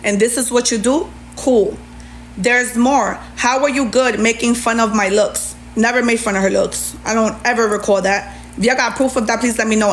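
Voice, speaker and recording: A middle-aged woman with a fairly high voice, talking indignantly and sarcastically into her phone on a live stream. She reads out messages and fires back at them. A faint noise sits under her voice. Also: fairly bright tone. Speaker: livestreamer. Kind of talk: heated TikTok live rant.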